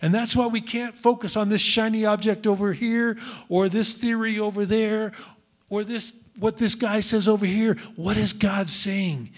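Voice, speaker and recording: A man's voice: high-pitched, fairly even intonation, normal speed. A man giving a conversational sermon, earnest and searching, with frequent restarts and rhetorical questions. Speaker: minister.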